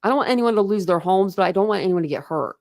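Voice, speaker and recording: A woman's voice: medium pitch, animated, racing, gravelly, a little mellow. A woman from Ohio hosting a casual livestream chat, talking in a chatty, rambling way with many fillers. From Ohio, USA. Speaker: livestream host.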